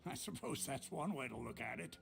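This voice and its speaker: An actor voicing a composed male leader in a video game, calm and explanatory. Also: medium pitch, a little fast, vocal fry, a crowd in the background. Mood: briefing.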